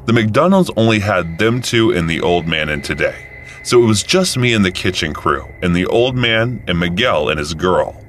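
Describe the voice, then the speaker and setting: Male narrator, very deep, lively intonation, calm first-person telling, faint music underneath. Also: moderate pace, a little hiss or hum. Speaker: story narrator.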